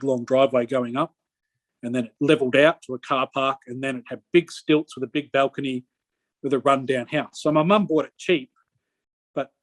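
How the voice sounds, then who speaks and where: A man's voice: fairly high pitch, dry recording. A middle-aged man giving a rambling interview account, stopping and restarting often. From Australia. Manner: rambling, halting with many restarts. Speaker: interview guest. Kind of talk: conversational personal account.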